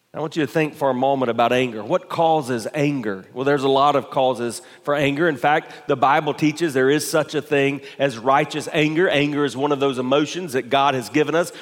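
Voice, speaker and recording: A male pastor preaching a sermon to his congregation, building intensity with rhetorical questions. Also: medium pitch. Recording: long hall reverb.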